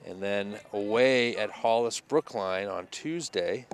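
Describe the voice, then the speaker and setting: A man doing easygoing play-by-play for a local baseball game, chatting between pitches. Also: takes it slowly, a little hiss or hum. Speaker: play-by-play announcer.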